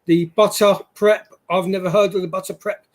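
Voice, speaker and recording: A man's voice: sits high, flat delivery, fairly quick. A British man hosting a live online show, asking chatty questions with short, eager replies. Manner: brief backchannels, chatty questions. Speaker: host. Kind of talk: casual live-stream interview.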